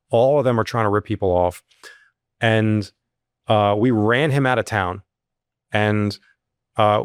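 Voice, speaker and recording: A security company chief, guesting on a casual podcast, narrates a tale in his low voice, climbing sharply in pitch as he plays out quoted moments. He's lively but trips over fillers and restarts. It's a dry, close recording with no room sound.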